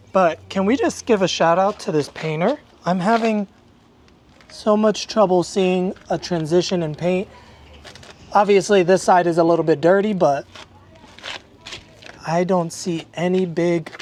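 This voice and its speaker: A car-build vlogger narrating a rebuild in an upbeat, excitable, jokey way. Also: mid-range voice, slight background noise. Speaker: channel host.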